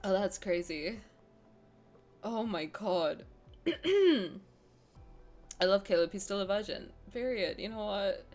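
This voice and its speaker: A woman's voice: mid-range voice, lively intonation, slow, pauses often, a little mellow, soft background music. A woman streamer reacting on a livestream, laughing hard and swearing casually, crying with laughter.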